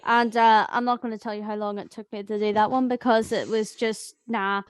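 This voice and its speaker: A woman's voice: mid-range voice, a little fast, clear, resonant tone, no echo, clean studio sound. A young woman, telling stories in a casual group chat about voice acting. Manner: chatty storyteller, animated quoting. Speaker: voice actor.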